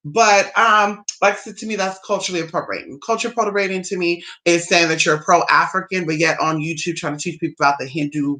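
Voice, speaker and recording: Sassy American spiritual vlogger, bright and forceful, cusses, mocks with big pitch swings. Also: brisk, hardly any pauses. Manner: sassy, blunt, swears; mocking, with big pitch jumps. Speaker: spiritual YouTuber. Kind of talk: casual opinion monologue.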